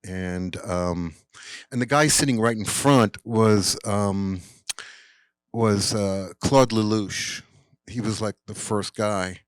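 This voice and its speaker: A man telling a rambling, animated anecdote at a cinema Q&A, full of fillers and acted-out quotes. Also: on the low side, slow pace, smooth, dry recording. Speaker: guest filmmaker at a Q&A.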